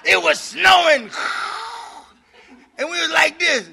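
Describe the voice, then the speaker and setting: A man's voice: very high voice, takes it slowly, creaky, a crowd in the background. A middle-aged man giving a fiery preaching-style talk at a recovery meeting, exhorting the room and breaking into laughter.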